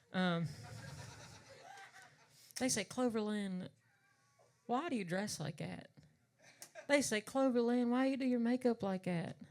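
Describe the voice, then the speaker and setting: A woman from Southwest Virginia with an Appalachian accent, chatting on a venue stage between songs in a folksy, rambling way. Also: mid-range voice. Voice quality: folksy and rambling, says y'all, swears for emphasis. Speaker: singer and drag performer. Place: live music venue stage.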